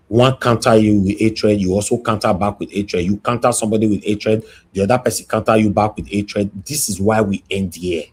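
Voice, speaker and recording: Husky Nigerian man scolding his live-stream audience. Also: on the low side. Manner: scolding, preachy, rises to shouting. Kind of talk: live-stream moderating and preaching.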